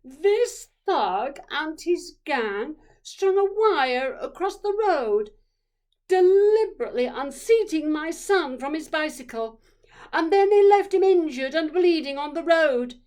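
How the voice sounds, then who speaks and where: Woman playing a furious, shouting posh mother. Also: high-pitched, lively intonation, pitched above the performer's own voice. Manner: shouting, slow and loud. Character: tall, fierce, indignant mother, upper-class.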